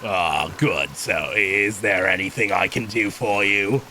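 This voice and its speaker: A streamer voicing a gruff male woodsman in a game, with a slow, halting, deep drawl. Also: pushed and bright, a little hiss or hum, exaggerated voice. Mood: friendly. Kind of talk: game dialogue read aloud.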